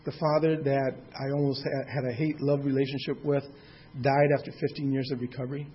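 This man in his sixties shares his recovery story at a meeting as a personal testimony, candid and plainspoken, occasionally using a mild curse. His mid-range voice shows little pitch movement and moves fairly quickly. The audio is dull, with a little hiss or hum.

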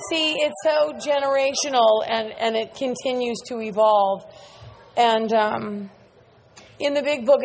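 A woman's voice: fairly high pitch, a little mellow, a little hiss or hum. A middle-aged woman giving a candid, earnest testimony talk to a large meeting audience, repeating words for emphasis. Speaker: speaker at a recovery meeting.

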